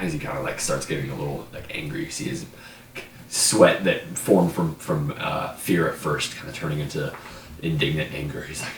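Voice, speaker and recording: Very deep-voiced man narrating a game. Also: steady tone, moderate pace. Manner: loose, filler-heavy scene narration. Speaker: game master. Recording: roomy, distant mic, faint hiss.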